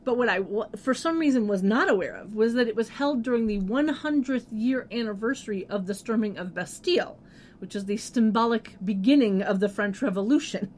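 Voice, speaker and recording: Chatty woman co-host, slightly high voice. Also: lively intonation, a little fast, a little hiss or hum. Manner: agreeable, chatty, fact-sharing. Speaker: podcast co-host. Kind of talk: casual chat with researched asides.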